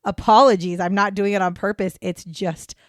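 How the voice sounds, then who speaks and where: A woman's voice: mid-range voice, steady tone, normal speed, no room sound, clean studio sound. A woman co-hosting a casual true-crime podcast, rambling and self-deprecating, breaking into giggles as she talks. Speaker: podcast co-host.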